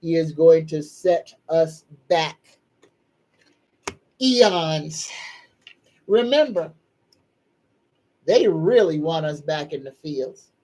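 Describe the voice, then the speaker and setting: A middle-aged psychic livestream host talks extremely slowly in a low voice, pausing often yet keeping her intonation lively. The low-quality recording captures her tearful, soft-spoken manner and her folksy, preachy, emphatic casual chat.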